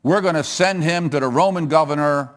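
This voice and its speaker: A preacher voicing the high priest Caiaphas, brisk and offhand as he settles the matter. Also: close to an everyday voice. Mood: decisive. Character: scheming male high priest, decisive.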